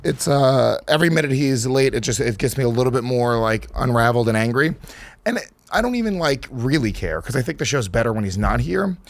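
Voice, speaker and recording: A man's voice: medium pitch, lively intonation, fairly quick, creaky, no echo. A man hosting a podcast in a studio, ranting through profane stories in casual banter. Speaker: podcast host. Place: radio studio.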